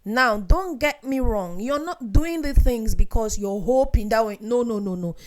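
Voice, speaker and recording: A woman's voice: fairly high pitch, unhurried. A young adult woman talking straight to her viewers in a casual advice monologue, earnest and direct, calling them her sisters. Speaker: vlogger giving relationship advice.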